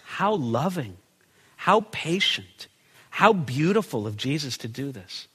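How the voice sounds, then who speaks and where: A man's voice: a little high, slow, slightly rough, big-room sound. A male pastor preaching a conversational sermon, asking rhetorical questions and acting out the people in the passage. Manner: animated, acts out the people in the story. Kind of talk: expository sermon.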